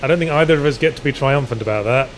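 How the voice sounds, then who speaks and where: A man chatting casually while playing a video game, telling jokes in a rambling, halting way full of restarts. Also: medium pitch, a little hiss or hum. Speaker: co-host. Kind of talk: casual let's-play chat.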